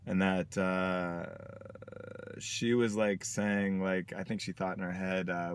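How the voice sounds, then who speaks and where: A man talks in a candid personal video diary, reflective and halting, with many pauses. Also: low voice, little pitch movement, smooth. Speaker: vlogger.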